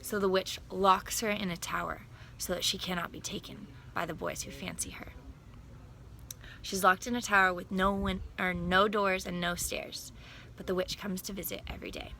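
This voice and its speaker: A woman casually retelling a fairy tale in a plain, unhurried way, correcting herself now and then. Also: medium pitch, level tone, vocal fry, bright, forceful tone, a little hiss or hum. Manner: plain, unhurried telling with small self-corrections. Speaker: storyteller.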